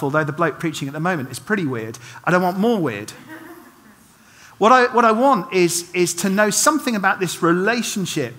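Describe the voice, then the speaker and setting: A man's voice: high voice, lively intonation, fairly quick, fairly bright tone. A middle-aged man, preaching a chatty, self-deprecating sermon full of humorous asides and restarts. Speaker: pastor. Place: church hall. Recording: long reverb of a church hall.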